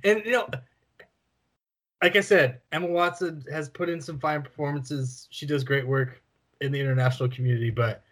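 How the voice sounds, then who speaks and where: A man's voice: on the high side, normal speed, fairly bright tone. A man co-hosting a film podcast, talking casually with blunt, sarcastic, profane remarks. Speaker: podcast co-host.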